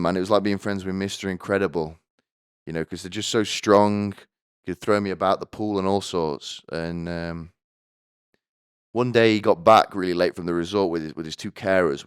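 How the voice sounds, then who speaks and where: Deep-voiced man rambling comic stories. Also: normal speed, clear, resonant tone, no echo, clean studio sound. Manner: stammering restarts, crude offhand jokes. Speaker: podcast host.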